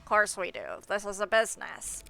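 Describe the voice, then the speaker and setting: A man's voice: sits high, fairly even intonation, moderate pace, vocal fry, sharp tone, a little hiss or hum, exaggerated voice. A woman voicing a blunt streetwise young man who rents out safe rooms, in a pinched nasal voice with casual swearing. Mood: curt.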